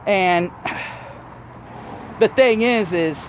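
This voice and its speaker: A man's voice: high voice, extremely slow, a little hiss or hum. A man telling a story in a blunt, profane, mocking rant to his vlog audience. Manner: blunt, swears constantly, mocking retelling. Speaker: vlogger.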